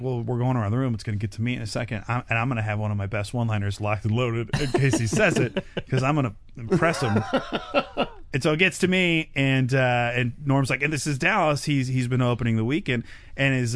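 A young man spins a long, excited story in casual conversation, packed with "like" and "uh." His voice sits in the middle range and sounds close and dry, with no room around it. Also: mid-range voice, a little fast, dry recording. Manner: animated, many fillers like "like" and "uh". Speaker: stand-up comic telling a story.

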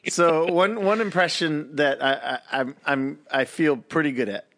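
A man's voice: fairly high pitch, moderate pace, fairly bright tone. A man co-hosting a podcast, talking casually with hesitant, self-deprecating asides. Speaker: podcast co-host. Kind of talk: casual chat.

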